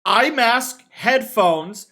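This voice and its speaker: A man co-hosting a podcast in casual chat, joking and reacting quickly. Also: very high voice, lively intonation, sharp tone. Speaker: podcast co-host.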